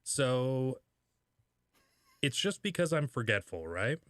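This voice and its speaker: A man's voice: mid-range voice, very animated, slow pace, a bit bright, dry recording, studio quality. A man co-hosting a podcast in casual comedic chat, sarcastic and jokey with mock outrage and frequent laughs. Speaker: podcast co-host.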